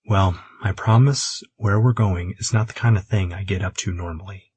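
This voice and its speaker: A man gives voice to an earnest young man who blusters yet doubts himself. The tone is low and husky, plain rather than showy. It is recorded dry and close. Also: steady tone, moderate pace, darkish tone, no room sound.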